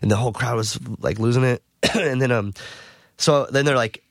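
A man, a podcast guest and musician, telling a story in a rambling, animated way, full of "like" and "you know.". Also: medium pitch, normal speed, dry recording, clean studio sound. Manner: rambling, animated, heavy use of "like". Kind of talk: casual storytelling.

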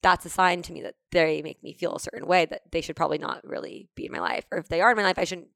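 A woman's voice: on the low side, fast talker, gravelly, a bit bright, no echo, studio quality. A woman talking reflectively in a casual podcast chat, filling her speech with "like". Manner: reflective, lots of "like".

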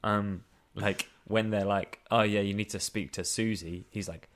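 A man's voice: lowish voice, steady tone, moderate pace, few pauses, a bit bright. A man co-hosting a casual chat, wry and exasperated, often laughing as he talks. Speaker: podcast co-host. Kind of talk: casual chat reviewing a film.

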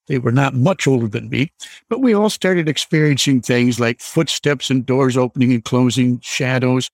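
An older man in his seventies tells a ghost story from his youth as a caller on a show. He speaks slowly and deliberately, pausing often. His voice sits in the middle range and is recorded dry and close. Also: mid-range voice, no room sound. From Michigan. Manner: slow, deliberate storytelling with frequent "uh" pauses. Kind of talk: storytelling on a radio call.

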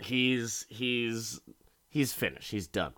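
A man's voice: mid-range voice, takes it slowly, a bit bright. Man rambling through a profane story. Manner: profane, rambling, repeats words. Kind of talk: casual plot recap.

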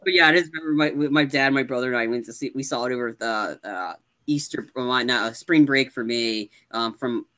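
A man's voice: medium pitch, brisk, hardly any pauses, pushed and bright. A young man in casual movie chat, retelling scenes animatedly and jumping into exaggerated voices.

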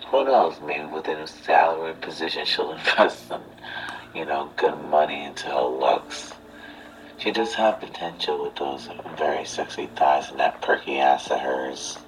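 A man's voice: rumbling low, normal speed, slight background noise, rough recording. A man voicing a smug, flirtatious male CEO who talks in a snarky, teasing drawl. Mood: crude. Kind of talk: audiobook drama reading.

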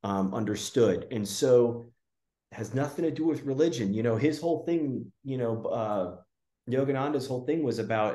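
A man's voice: medium pitch, expressive, normal speed, warm tone. A man talking as a spiritual guest in casual conversation, rambling with frequent restarts and fillers. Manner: rambling, with many restarts and "you know" fillers. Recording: roomy echo.

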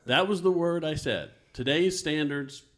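A man's voice: a little high, a little slow. A middle-aged man hosting a casual family podcast conversation, telling childhood stories with frequent laughter. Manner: animated storyteller, laughs often. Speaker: podcast host.

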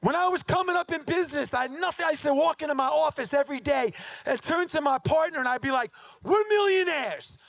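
A middle-aged man giving a motivational talk, telling a story in an animated, emphatic way and acting out the dialogue. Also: very high-pitched, fast talker, vocal fry, hardly any pauses, dry recording. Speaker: motivational speaker.

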